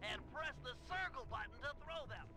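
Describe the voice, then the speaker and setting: A man's voice: very high voice, lively intonation, brisk. An actor playing a brainy, nerdy male turtle strategist who gives precise game instructions. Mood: instructive. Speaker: game character giving instructions. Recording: loud game noise behind.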